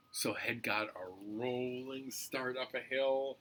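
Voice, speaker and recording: A man telling a folktale to children at a library storytime in a playful, expressive way. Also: mid-range voice, takes it slowly, hardly any pauses, a little hiss or hum.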